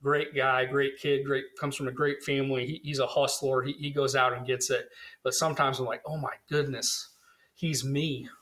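A man's voice: mid-range voice, little pitch movement, normal speed, fairly bright tone. A man in his thirties, a podcast guest, talking in casual conversation and often repeating words as he starts a thought. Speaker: guest recruiter.

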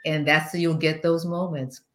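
Chatty woman interviewer, lowish voice. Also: steady tone, unhurried. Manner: chatty storyteller, laughs often. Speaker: guest host interviewer. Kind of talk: casual interview chat.

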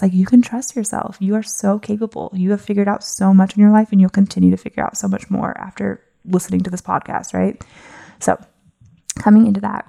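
Creaky dark-voiced woman podcast host. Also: mid-range voice. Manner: chatty and encouraging, many "like" fillers. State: out of breath. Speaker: podcast host and business coach. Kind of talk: casual solo podcast talk.

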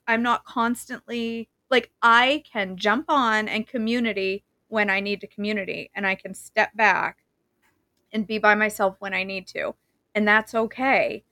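A woman's voice: medium pitch, bright, forceful tone, no echo, studio quality. A woman hosting a casual chat, chatty and laughing easily. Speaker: podcast host.

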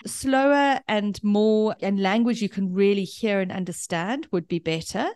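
A woman speaking as a parenting expert, giving long explanations built on examples and analogies. Her pitch sits in an ordinary middle range. The sound is dry and close, with no room echo. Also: unhurried, darkish tone, clear, resonant tone. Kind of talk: explanatory interview answers.

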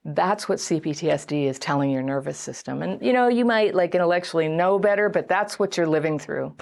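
A middle-aged woman talks straight to her viewers about dating and trauma. Her voice sits fairly low, and her delivery is loose and conversational. She brings the advice to life by acting out the voices of others. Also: brisk, vocal fry. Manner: chatty, animated, acts out quoted voices. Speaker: relationship and trauma advice host. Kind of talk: casual direct-to-camera advice talk.

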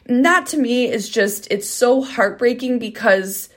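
A woman's voice: on the high side, expressive, measured pace. A woman in her thirties, a dog trainer hosting her own podcast, talking earnestly and conversationally to listeners and often checking in with "right?" and "okay?". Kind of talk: solo podcast monologue.

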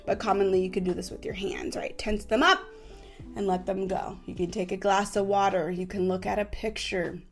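Upbeat mom giving parenting advice. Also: female voice, medium pitch, normal speed, faint music behind. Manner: animated, keeps adding "right?" and "okay?". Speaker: parenting podcast host. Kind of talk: casual advice talk.

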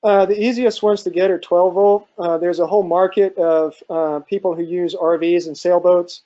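A man's voice: high voice, fairly even intonation, normal speed, dark tone. Hesitant man on a dull lo-fi call. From central Virginia. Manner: thoughtful, hesitant, many fillers and restarts. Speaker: guest speaker on off-grid farming. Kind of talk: conversational answers in a live online talk.

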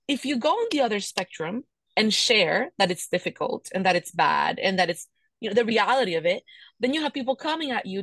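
A woman's voice: medium pitch, a bit bright, dry recording. A young pregnant woman co-hosting a podcast, venting candidly and emotionally about a hard pregnancy, often tagging her sentences with "right?". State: pregnant and tired. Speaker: podcast co-host. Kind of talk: candid casual chat.

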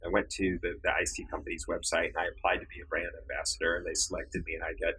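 A man voicing his eager young college intern in a story, quoted with a lifted, bright tone. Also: sits low, completely flat delivery, fast, husky, heavily acted, low-quality recording. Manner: enthusiastic, matter-of-fact.

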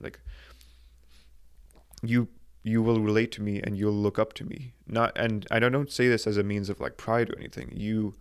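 This is a young man talking straight to his listeners in a solo motivational podcast. His voice sits on the low side, and he speaks earnestly. He restarts his phrases often and leans on filler words as he works through his thoughts. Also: flat delivery, a little fast, clear, resonant tone. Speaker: podcast host.

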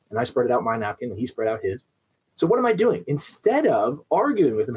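A man's voice: fairly high pitch, big pitch swings, fast, breathy edge, rough recording. A young adult man who trains dogs, explaining with everyday examples and often checking in with "right?". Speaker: dog trainer. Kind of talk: instructional talk.

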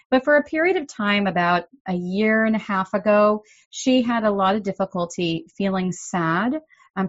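A middle-aged woman hosting a parenting podcast, explaining in an earnest, gently emphatic way. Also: medium pitch, no echo, muffled recording. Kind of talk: solo podcast talk.

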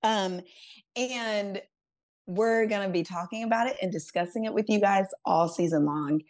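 A woman co-hosting a casual faith podcast over a remote call, playful and quick to laugh. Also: medium pitch, a little mellow. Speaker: podcast co-host.

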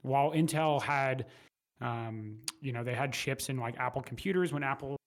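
A man speaking as an investment manager guest in a casual interview, measured and hesitant. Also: medium pitch. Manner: measured, hesitant with fillers and restarts.

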